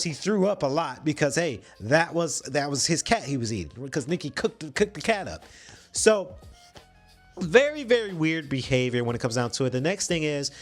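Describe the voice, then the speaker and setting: A man hosting a podcast, casually retelling a movie plot in slangy, animated storytelling with some swearing. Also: fairly high pitch. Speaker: podcast host.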